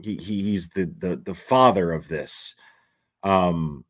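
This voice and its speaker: Man, livestream host, casual commentary, slow delivery, fairly low voice, halting. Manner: halting, many fillers and restarts.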